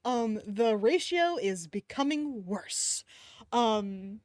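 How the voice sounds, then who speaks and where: A young woman streamer reading fanfiction aloud, reacting with animated outbursts, swearing and laughter. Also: mid-range voice, a little slow, no room sound, studio quality.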